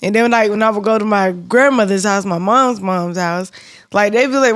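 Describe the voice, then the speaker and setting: A woman's voice: mid-range voice, normal speed, no room sound, studio quality. A woman with a Georgia accent, co-hosting a podcast and telling stories in casual chat, laughing often and filling her talk with "like". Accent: Georgia Southern US. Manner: storytelling, laughs often, many "like" fillers. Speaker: podcast co-host.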